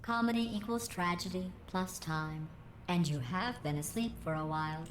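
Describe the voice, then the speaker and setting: Deadpan mocking AI. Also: female voice, lowish voice, moderate pace, a little hiss or hum. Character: cold, sarcastic female AI overseer. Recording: echoey chamber with game music.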